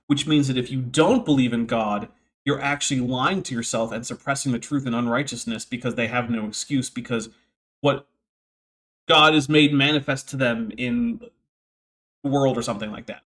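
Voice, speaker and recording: A man hosting a casual stream, reacting to a debate clip with sarcastic, animated asides. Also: medium pitch, moderate pace. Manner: sarcastic, animated mock quoting. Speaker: host.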